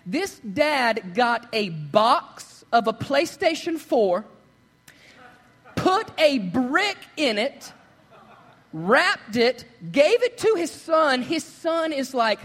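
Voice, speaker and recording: A young man preaches in a loose, joking way and slips into lively voices for the people in his stories. His voice sits high for a man. The sound rings with the long reverb of a church hall. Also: extremely slow. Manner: joking, storytelling, quotes others in lively voices. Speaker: pastor. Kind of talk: casual sermon. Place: church sanctuary.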